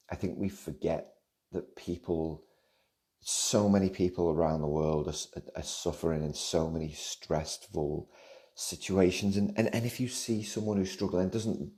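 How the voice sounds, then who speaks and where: A man's voice: low-pitched, mellow. A middle-aged man from the Liverpool area with a Liverpool accent, hosting a podcast and answering listener questions in a rambling, digressive way that keeps breaking off mid-sentence. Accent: Liverpool English. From England, Liverpool area. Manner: rambling, digressive, self-interrupting. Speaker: podcast host.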